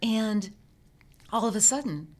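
A middle-aged woman guesting on an interview show, a professional organizer turned entrepreneur, speaks at a measured pace in a medium-pitched voice. She casually tells her business story as a lively storyteller, acting out remembered conversations.

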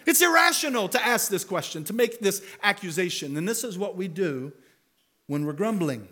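A man's voice: high-pitched, lively intonation, moderate pace, a bit bright. A man preaching a sermon as pastor, talking conversationally and building to emphatic rhetorical questions. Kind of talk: expository sermon.

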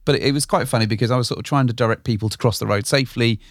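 A man's voice: medium pitch, rapid-fire, no room sound, studio quality. Man, rambling casual storyteller. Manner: rambling storyteller, hedges with "sort of". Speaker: podcast co-host. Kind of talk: casual chat.

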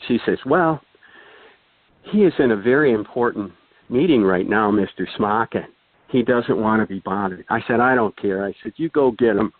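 A man's voice: on the low side, brisk, no room sound. Older man telling a rambling fish story. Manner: rambling, many fillers and restarts. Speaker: guest storyteller. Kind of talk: casual anecdote telling. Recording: dry, phone-like thin sound.

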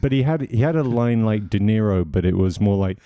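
A man's voice: fairly low pitch, lively intonation, fairly quick, dry recording, dull audio. A man co-hosting a casual podcast, telling rambling, profane stories. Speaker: podcast co-host. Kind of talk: casual banter.

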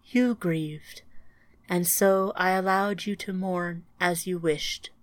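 A woman's voice: lowish voice, fairly even intonation, slow, no echo. A woman voicing a solemn ancient machine sea spirit. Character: ancient sorrowful machine-swarm sea entity, female.

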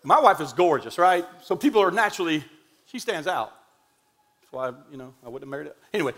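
Middle-aged male preacher, high forceful voice, lively funny storyteller, faint music behind. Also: fast. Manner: animated, humorous, emphatic retelling. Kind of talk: storytelling sermon.

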